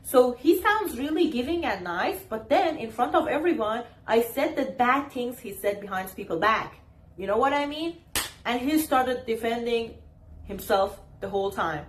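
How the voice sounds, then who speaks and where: A woman's voice: a little high, expressive, moderate pace, a little hiss or hum. A woman with giving advice straight to camera in a casual, emphatic way, repeating her phrases and acting out her own comebacks.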